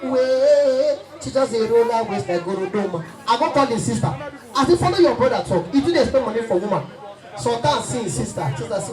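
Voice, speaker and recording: A man's voice: extremely high pitch, expressive, a little fast. A Nigerian man performing as comedian and host at a party, teasing the guests in pidgin. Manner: teasing, mixes pidgin and Yoruba. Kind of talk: stand-up comedy banter. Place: outdoor party venue. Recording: echoey, distant, party music and crowd.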